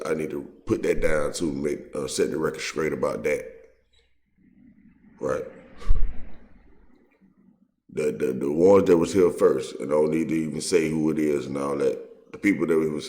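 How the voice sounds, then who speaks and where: Very deep-voiced man ranting profanely. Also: dark tone, roomy sound. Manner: profane, heated, street-slang rant. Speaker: online video host. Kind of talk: unscripted video commentary.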